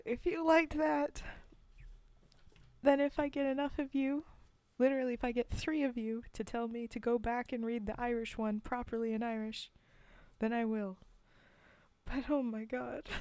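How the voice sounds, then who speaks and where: A woman's voice: fairly high pitch, flat delivery, a little slow, a little mellow, dry recording. A woman streamer from North America, chatting with viewers between poems and reading them aloud, often giggling at herself. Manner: giggly, self-mocking, talks to chat. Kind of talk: casual chat and poetry reading.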